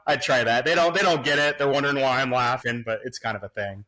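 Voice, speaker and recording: Bright-voiced man reminiscing casually. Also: mid-range voice, quick pace, few pauses. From Pacific Northwest, USA. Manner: relaxed reminiscing, many fillers and restarts. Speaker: podcast guest. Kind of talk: casual remote podcast chat. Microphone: remote recording, podcast mic.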